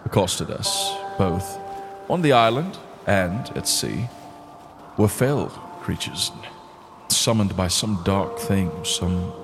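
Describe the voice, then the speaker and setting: A man's voice: low voice, creaky, heavily acted. A man voicing a grieving male sea captain who gives a formal, stately eulogy.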